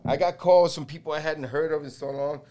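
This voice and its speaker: A man's voice: fairly high pitch, steady tone, a little fast, dark tone. A middle-aged American man hosting a podcast, telling a long story in casual chat, acting out the quotes, swearing and laughing along. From United States. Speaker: podcast host.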